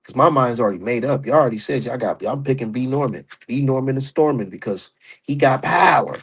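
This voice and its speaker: A man's voice: mid-range voice, brisk, breathy edge. A man ranting about boxing on his stream, heated, profane and mocking. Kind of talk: opinionated casual rant.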